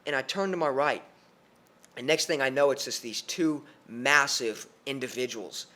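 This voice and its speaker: A young man tells a personal story on a podcast, in an animated way and with many restarts. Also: medium pitch, normal speed.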